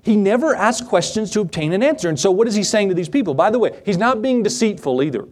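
A middle-aged man preaching a sermon as pastor, animated and acting out Bible scenes in different voices. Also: high voice, fast.

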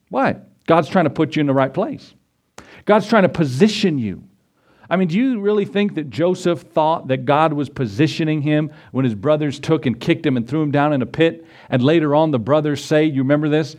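Speaking to his congregation, a pastor delivers a folksy, conversational sermon, slipping into acted-out quotes and brief stories to drive his point home. For a man, his voice runs a little high, with a somewhat dark tone.

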